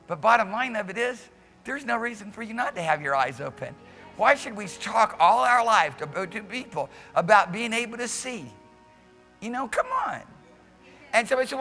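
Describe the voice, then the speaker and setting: A male pastor preaching a church sermon with impassioned, repetitive exhortations that rise to shouts. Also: high voice, expressive, normal speed, long reverb tail, soft background music. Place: church service.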